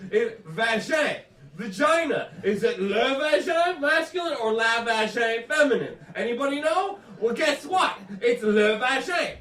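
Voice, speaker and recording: A man's voice: extremely high pitch, fairly bright tone, distant mic. A man doing a stand-up comedy set, working the crowd with punchy, profane storytelling. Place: comedy club stage. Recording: roomy live club sound from off-mic.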